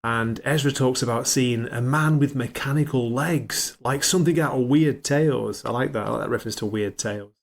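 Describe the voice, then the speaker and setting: A man's voice: mid-range voice, fairly quick, gravelly, hardly any pauses. Chatty man discussing comics. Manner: chatty, reads comic dialogue in put-on voices. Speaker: podcast co-host. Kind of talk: casual comic book discussion.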